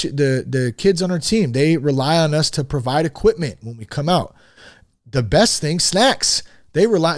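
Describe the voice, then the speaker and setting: A man in his thirties hosting a podcast, talking frankly in a casual, animated monologue. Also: on the high side, dry recording, studio quality. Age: 30s. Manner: animated and frank, with swearing and rising emphasis. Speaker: podcast host.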